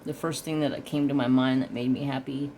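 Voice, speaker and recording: A man's voice: flat delivery, fairly quick, warm tone, slight background noise. A man hosting a craft video, rambling with hesitations and restarts, chatting casually at home. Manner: baby-talks high-pitched to his dog. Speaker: craft channel host.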